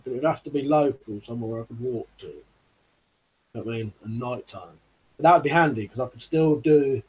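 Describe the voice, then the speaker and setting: A British YouTube channel host reads viewer comments during a casual live-stream chat, laid-back and rambling, his talk peppered with "you know." The voice is husky and medium-pitched, and the audio is poor.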